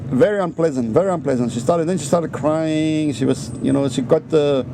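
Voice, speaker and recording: Slight gravel colors this man's fairly high voice as he briskly rambles through a story for his casual vlog. There's background noise, and he swears heavily throughout the profane rant.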